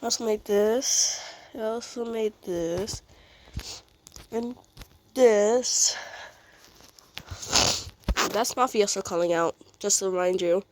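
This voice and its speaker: A sick, sniffly woman talks slowly through her art in a casual vlog. Her voice sits at a middling pitch, and she rambles and apologizes often, with little giggles between her remarks. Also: noisy background. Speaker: vlogger showing her fan art. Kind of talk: casual showcase chat.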